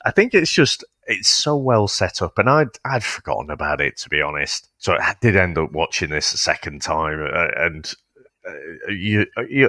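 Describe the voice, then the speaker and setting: A man's voice: low-pitched, pushed and bright, no room sound, clean studio sound. A man co-hosting a podcast, laughing often and sharing trivia with stammered starts. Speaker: podcast co-host. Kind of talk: casual film chat.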